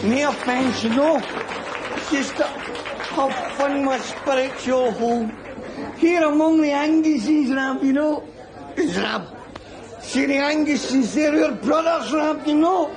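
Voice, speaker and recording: A maudlin Scottish drunk in a sitcom, drawling slowly and sentimentally in a very high voice. Loud music plays behind him. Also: male voice, a crowd in the background, exaggerated voice, poor audio. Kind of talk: sitcom acting.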